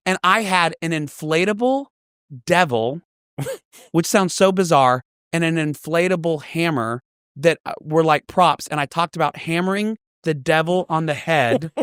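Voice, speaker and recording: A man's voice: on the high side, unhurried, clean tone, no room sound, clean studio sound. A man guesting on a podcast, telling a story in casual chat and acting out the voices of the people he quotes. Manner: animated storyteller who acts out quoted voices.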